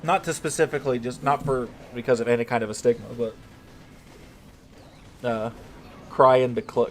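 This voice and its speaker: A man's voice: medium pitch, steady tone, moderate pace, pauses often, a little hiss or hum. A man chatting casually on a live game stream, joking with his chat and swearing now and then.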